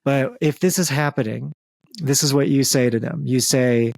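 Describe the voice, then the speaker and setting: A man's voice: mid-range voice, moderate pace, gravelly, a little mellow, no room sound. A young man hosting a comedic podcast, chatting casually with loose jokes, fillers and the odd curse. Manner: joking, loose, frequent fillers and profanity. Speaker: podcast host.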